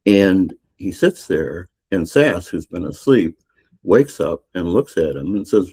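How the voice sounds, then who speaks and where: Older guy with a real deep voice telling his novel's story, lots of uh and you know. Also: big pitch swings, measured pace, warm tone, slightly rough. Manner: rambling storyteller with many restarts and fillers. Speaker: novelist guest. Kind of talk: retelling a novel's plot in a podcast interview.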